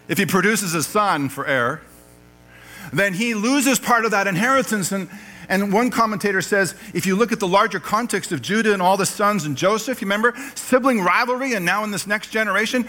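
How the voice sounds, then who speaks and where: A man preaching a sermon in a church, animated and joking, laughing at his own lines as he reads the passage aloud. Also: high voice, rough recording. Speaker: pastor.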